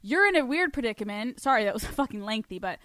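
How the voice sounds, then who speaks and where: A woman's voice: on the high side, fast, no echo, clean studio sound. A young adult woman hosting a podcast, chatting casually and bluntly with lots of swearing, telling stories and answering listener letters. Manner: blunt, profane, animated storytelling. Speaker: podcast host. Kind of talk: casual advice chat, reading listener letters.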